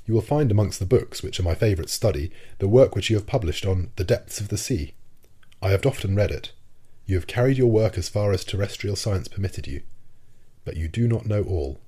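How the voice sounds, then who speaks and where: A man reading the part of a stern, aloof male submarine captain in a measured, formal way. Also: low voice, mellow, slightly rough. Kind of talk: audiobook reading.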